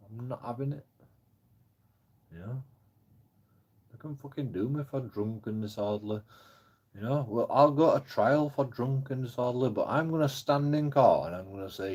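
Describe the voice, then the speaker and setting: A man's voice: medium pitch, darkish tone, husky. A man ranting angrily on a live stream, swearing often and rambling with many fillers. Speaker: livestreaming auditor.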